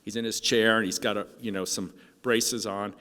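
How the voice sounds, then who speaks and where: A keynote speaker gives a heartfelt conference speech, telling a story with halting restarts and fillers. His fairly low, steady voice sometimes drops soft with emotion, and the stage recording has hall reverb.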